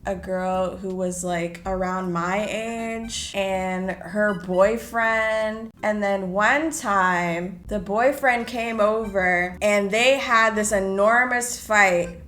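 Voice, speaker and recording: A woman's voice: medium pitch, takes it slowly, hardly any pauses, a bit bright, echoey room. Chatty young woman vlogging at home. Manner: chatty and playful, breaks into sing-song bits. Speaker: beauty vlogger. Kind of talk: casual get-ready-with-me chat. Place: home room.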